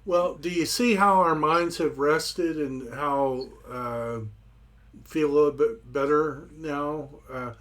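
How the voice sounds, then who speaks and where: A man teaching a language course, asking gentle, curious questions in a relaxed way. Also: a little high, takes it slowly.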